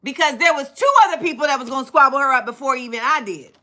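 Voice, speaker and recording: A middle-aged woman hosting a livestream, telling stories in an animated, dramatic way and acting out quotes. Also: high-pitched, fast talker. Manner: animated, dramatic retelling with acted-out quotes and laughter. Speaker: livestream host. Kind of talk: casual storytelling to a live chat.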